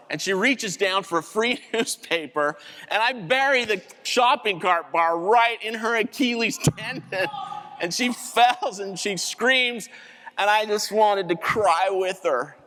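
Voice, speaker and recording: A man giving a keynote talk, telling a story in an animated way and acting out the voices of the people in it. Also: fairly high pitch. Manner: animated storyteller, acts out quotes. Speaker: keynote speaker. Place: large conference hall. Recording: hall reverb.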